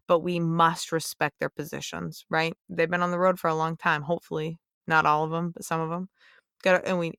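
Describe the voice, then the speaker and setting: A woman's voice: lowish voice, gravelly, a bit bright, clean tone, no room sound, studio quality. Blunt, profane woman police officer. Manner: profane, emphatic, lectures listeners directly. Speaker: podcast host, police officer. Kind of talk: blunt opinionated monologue.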